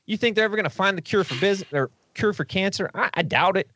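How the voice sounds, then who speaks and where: A man talking casually on a podcast, rambling and profane, jumping into quick impressions of other people. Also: high-pitched, expressive, bright, forceful tone, a little hiss or hum. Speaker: podcast guest.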